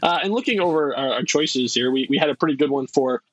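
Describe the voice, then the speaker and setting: A man co-hosting a casual movie podcast runs a game, chatting loosely, laughing often and restarting sentences. His mid-range voice is quick, a bit bright and husky, recorded with no room sound and dull audio.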